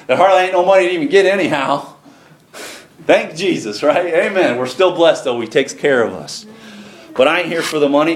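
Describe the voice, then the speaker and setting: A man preaching a sermon as pastor, plain-spoken, folksy and earnest. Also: fairly high pitch. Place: church sanctuary. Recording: roomy echo, faint ambient noise.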